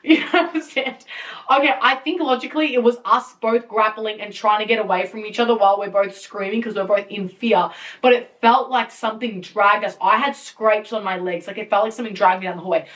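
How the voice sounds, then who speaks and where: A young woman hosting a podcast, telling a story in a casual, animated way, with lots of fillers, swearing and laughter. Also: medium pitch, brisk, far from the mic. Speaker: podcast host. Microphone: podcast mic.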